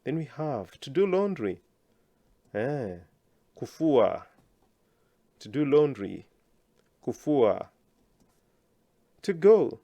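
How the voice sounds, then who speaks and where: A man teaching a language lesson, slowly enunciating words for learners to repeat and praising them often. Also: medium pitch, big pitch swings, dark tone, no room sound.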